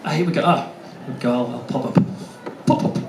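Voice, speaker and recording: A man's voice: mid-range voice, quick pace. A man hosting a convention Q&A, chatting with the guest and calling on the audience. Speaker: Q&A host. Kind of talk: casual moderating. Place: large convention hall. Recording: echoey hall with clear crowd noise.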